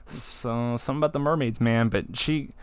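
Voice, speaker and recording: A man co-hosting a podcast, talking excitedly about card games, swearing and acting out game moments. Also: medium pitch, moderate pace, clean tone, no room sound. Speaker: podcast co-host. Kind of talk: casual chat.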